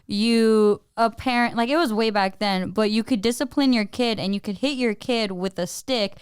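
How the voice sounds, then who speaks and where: A young woman co-hosting a casual podcast, her voice high and very clear. The sound is dry and close. She talks in quick, animated bursts and acts out her parents' scoldings. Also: no echo. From Mexican-American family. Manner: animated storyteller, acts out parents' lines, lots of "like". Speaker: podcast co-host. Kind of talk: casual chat.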